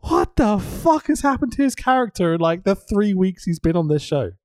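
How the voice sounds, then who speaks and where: A man's voice: high-pitched, very animated, normal speed, a little mellow, no room sound. A man co-hosting a casual podcast, recapping wrestling with lots of swearing and laughter. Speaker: podcast co-host.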